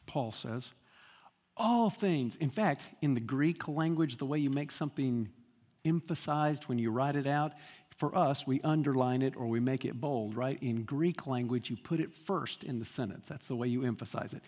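A man's voice: medium pitch, moderate pace, darkish tone, long reverb tail. A man preaching a sermon as pastor, emphatic and full of rhetorical questions and repetition.

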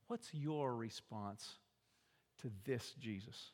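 A man's voice: a little high, expressive, unhurried. Older male preacher in a reverberant hall. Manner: dramatic preaching, swings from hushed to shouting. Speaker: pastor. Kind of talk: sermon.

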